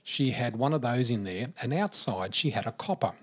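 An Australian man in his fifties telling vivid personal stories of his childhood as a podcast guest, in an unhurried way. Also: mid-range voice, expressive. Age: 50s. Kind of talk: personal storytelling.

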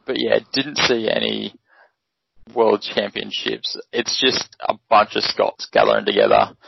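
A man co-hosting a casual sports podcast walks through his explanations with lots of ums. His voice is gravelly and husky. The sound is dry and lo-fi, with no room echo. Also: on the low side, measured pace. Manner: explains at a relaxed pace, with many ums. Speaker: podcast co-host. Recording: dry, dull lo-fi podcast audio.

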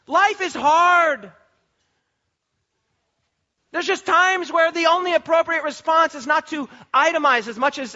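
A male preacher with a very high, bright, forceful voice delivers an impassioned sermon. He slows down and repeats phrases for emphasis. The recording sounds dull and lo-fi. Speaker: pastor.

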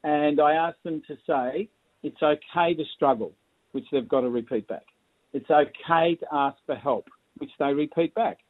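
An Australian man speaks as a guest consultant, spinning jokey stories and laughing at his own lines. His voice sits a little high. It comes through a thin, phone-like line. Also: moderate pace, husky. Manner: jokey, chuckling storyteller. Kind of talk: casual interview storytelling.

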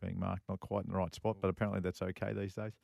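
A middle-aged man rambles through a story on a golf chat show, circling back and repeating himself as he goes. His voice sits fairly low, and the sound is close and dry, with no room around it. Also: little pitch movement, fast talker, gravelly, a little mellow, no room sound. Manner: rambling, repeats phrases, many fillers. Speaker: co-host and former pro golfer. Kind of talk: casual radio chat, storytelling.

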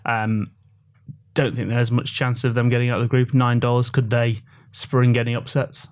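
A man hosting a casual sports podcast, asking quick questions and sometimes losing his train of thought. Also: mid-range voice, level tone, a little mellow.

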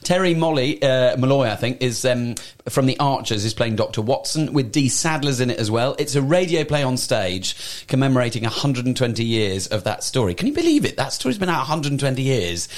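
A man's voice: mid-range voice, lively intonation, a little fast, hardly any pauses. Guy on local radio, jokey banter, voice jumps around a lot. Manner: joking, teasing, playful. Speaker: radio co-host.

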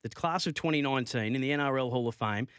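A man's voice: medium pitch, fast, a bit bright, smooth, dry recording. A man with an Australian accent, hosting a casual sports radio chat in a studio and teasing his co-hosts. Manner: playful, teasing, storytelling. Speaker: radio host. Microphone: studio microphone.

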